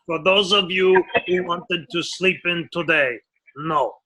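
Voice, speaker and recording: A man voicing a pompous male ship captain making slow, droning intercom announcements. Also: high voice, vocal fry, pushed and bright, heavily acted, rough recording.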